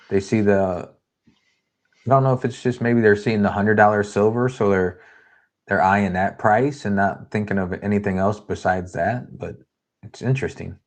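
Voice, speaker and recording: A man's voice: on the low side, darkish tone. A man hosting a casual livestream, talking in a loose, rambling way and reading viewer comments aloud. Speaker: host.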